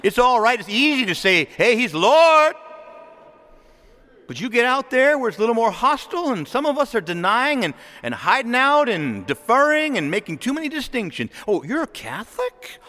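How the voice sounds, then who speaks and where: A man, a Catholic priest, delivering a lively homily in church, acting out quoted voices and chuckling often. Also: very high-pitched, a little fast, few pauses, in a large hall.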